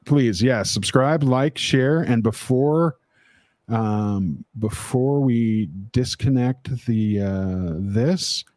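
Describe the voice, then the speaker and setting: A man's voice: mid-range voice, extremely slow, a little mellow, no room sound. A man hosting a casual livestream chat, rambling with many "uh" fillers, speaking on a video call mic. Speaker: livestream host.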